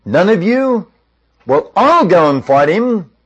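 A man's voice: on the high side, big pitch swings, measured pace, darkish tone, muffled recording. A man voicing a bold young shepherd boy in a told Bible story, asking earnest, indignant questions in his own everyday voice.

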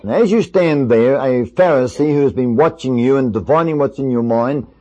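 A man's voice: medium pitch, normal speed, mellow, lo-fi sound. A male preacher giving a sermon, asking his listeners one rhetorical question after another. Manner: many rhetorical questions to the audience.

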